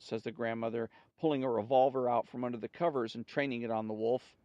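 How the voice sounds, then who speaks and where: A man hosting a story podcast, reading jokes aloud in an unhurried, conversational way. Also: medium pitch, steady tone, a little mellow, no room sound, muffled recording.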